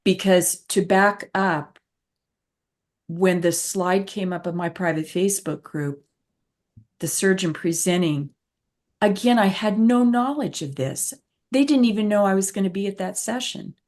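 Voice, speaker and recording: A woman's voice: medium pitch, a little slow, darkish tone. A woman patient advocate and host telling a personal story in an earnest, reflective way with emphatic repetitions. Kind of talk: conversational storytelling.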